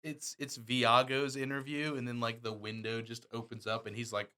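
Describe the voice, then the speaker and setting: A man's voice: medium pitch, little pitch movement, normal speed, bright, forceful tone. A man co-hosting a podcast in casual chat, laid-back, swearing freely and laughing easily. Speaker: podcast co-host.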